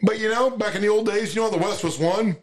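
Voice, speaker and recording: A man's voice: sits high, fast talker. A man, a farmer, talking in a rambling, profane way with many restarts in a casual podcast chat.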